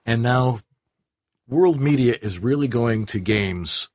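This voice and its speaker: A man's voice: medium pitch, lively intonation, takes it slowly, a little mellow, a little hiss or hum. A man interviewing a guest in casual chat, agreeable and encouraging.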